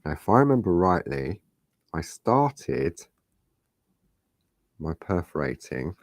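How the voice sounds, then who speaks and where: A man's voice: low-pitched, sing-song, slow pace, no room sound, clean studio sound. A middle-aged man leading a live crafting tutorial, chatty and reassuring, talking straight to his viewers. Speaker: crafting demonstrator.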